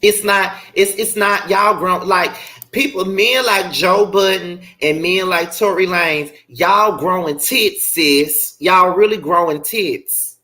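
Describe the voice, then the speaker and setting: A man's voice: high voice, takes it slowly, bright, forceful tone. A young man hosting a livestream, ranting bluntly and profanely, repeating his points for emphasis. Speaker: show host.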